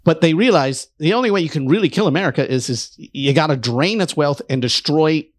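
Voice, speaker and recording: A man's voice: fairly high pitch, a little fast, no room sound, studio quality. A man hosting a show, giving urgent, emphatic political commentary straight to his audience. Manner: emphatic, urgent, sweeping claims.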